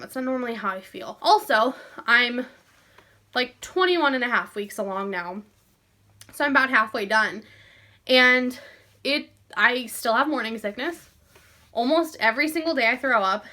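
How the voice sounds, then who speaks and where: A young woman talks to camera in a breathless, chatty way, sighing between thoughts and leaning on "like". Her voice sits a little high and rings bright and forceful. She sounds like a vlogger chatting casually to her viewers.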